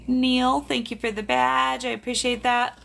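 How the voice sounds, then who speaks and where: A chatty woman from South Dakota hosts a casual livestream from her bedroom. Her voice sits a little high and sounds bright and forward. She laughs often and talks straight to her viewers, picked up by a camera on a tripod. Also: level tone, measured pace, vocal fry. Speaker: livestream host, medium. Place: bedroom at home. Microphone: phone or camera on a tripod.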